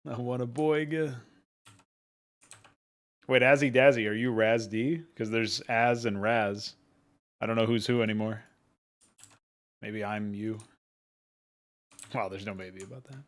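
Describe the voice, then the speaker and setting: In a lowish voice with fairly even intonation, a game modder talks at a measured pace with long pauses. It's a casual livestream chat, relaxed, full of laughter and offhand swearing.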